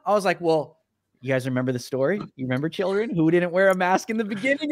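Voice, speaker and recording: A man's voice: high-pitched, animated, fast, a little hiss or hum. A man hosting a casual talk show, animatedly telling a story, acting out the people he quotes and laughing often. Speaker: podcast host.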